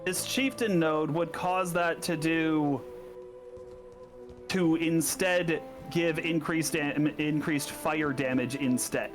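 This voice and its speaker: Higher-voiced man coaching a game. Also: steady tone, slow, over music. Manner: patient, stumbles over names. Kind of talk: casual explaining on a stream.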